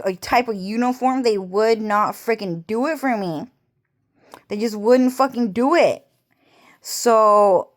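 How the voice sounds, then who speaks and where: Agitated swearing young woman vlogger. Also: medium pitch. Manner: agitated, heavy swearing, repeats herself. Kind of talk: rambling personal monologue.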